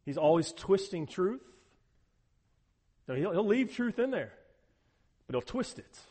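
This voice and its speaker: A man's voice: mid-range voice, warm tone, in a large hall. A pastor preaching a sermon, emphatic and repeating words as he builds each point.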